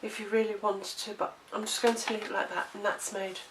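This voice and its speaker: A woman's voice: medium pitch, little pitch movement, brisk. A woman, out of breath and coughing, chattily demonstrating a card-making craft and laughing at her own slips. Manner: chatty, self-deprecating, talks while working. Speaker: craft tutorial presenter. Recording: echoey room, distant mic, noisy background.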